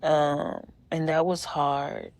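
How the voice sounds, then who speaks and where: A woman's voice: sits low, little pitch movement, slow, a little mellow, no room sound. A woman, hosting a podcast and telling a personal story in a candid, emotional, conversational way with many fillers. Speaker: podcast host. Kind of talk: casual storytelling monologue.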